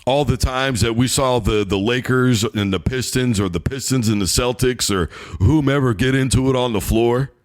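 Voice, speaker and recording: A man's voice: medium pitch, normal speed, hardly any pauses. A man hosting a sports talk show, giving a heated, emphatic opinion monologue.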